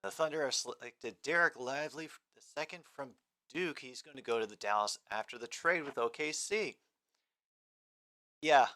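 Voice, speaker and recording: A man's voice: medium pitch, moderate pace, sharp tone. A man hosting a casual live sports stream, rambling between game commentary and replies to chat comments.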